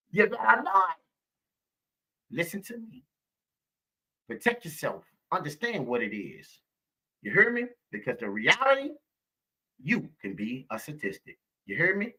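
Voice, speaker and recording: A man's voice: a little high, sing-song, a little slow, long pauses, pushed and bright, husky. Preachy man talking to his live viewers. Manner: preachy, repeats himself, calls viewers baby. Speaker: live show host.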